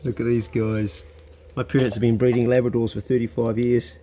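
A man's voice: mid-range voice, flat delivery, brisk, dark tone, slight background noise. A man with a New Zealand accent chatting casually as he films outdoors on a rural property with a handheld phone. He is laid-back and slangy and now and then talks to animals in a playful voice. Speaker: outdoor food vlogger. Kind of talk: casual chat.

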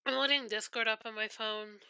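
Bright, crisp-voiced woman game streamer. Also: a little high, fairly even intonation, fairly quick, no room sound. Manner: rambling, profane storytelling. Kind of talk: casual streaming chat.

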